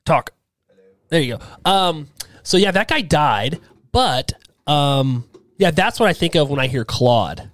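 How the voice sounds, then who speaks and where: A man's voice: fairly high pitch, very animated, slow pace, a bit bright, no room sound. A man hosting a podcast in a studio, telling rambling stories and acting out the voices of people he quotes. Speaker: podcast host. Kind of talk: casual chat.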